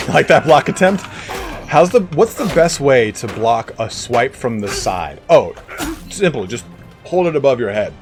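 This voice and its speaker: A man casually commenting on a game he plays live, chatting with viewers and breaking into excited reactions. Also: mid-range voice, unhurried, soft background music. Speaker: game streamer.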